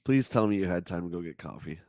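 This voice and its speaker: A middle-aged man with a nasal voice, hosting a casual morning livestream chat in a relaxed, chatty way. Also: low-pitched, fast, no room sound, studio quality. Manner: relaxed, chatty, laughs easily. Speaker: livestream host.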